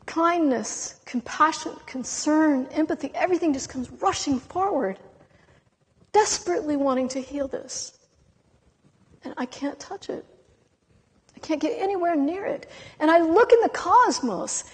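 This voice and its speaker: A woman giving an emotional spiritual talk about a vision, intense and impassioned, with slow dramatic pauses. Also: sits high, lively intonation. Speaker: spiritual speaker. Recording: long reverb of a hall.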